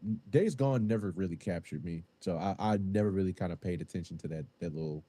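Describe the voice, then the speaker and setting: A man's voice: low-pitched, quick pace, dark tone, breathy edge, dry recording. A man co-hosting a podcast, talking in casual chat with hesitant, repeated words. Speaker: podcast co-host.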